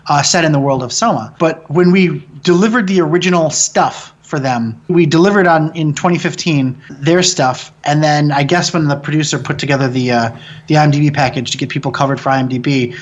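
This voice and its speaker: A man, a film director, telling stories in a casual interview, excitable and cursing freely as he jokes. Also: fairly high pitch, fairly quick, muffled recording. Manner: excitable, swears freely, jokey storytelling.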